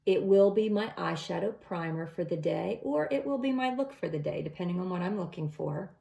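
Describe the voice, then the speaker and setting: A woman's voice: lowish voice, lively intonation, brisk, gravelly, dark tone. A middle-aged woman talking through a makeup tutorial step by step in a casual, chatty way. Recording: echoey room.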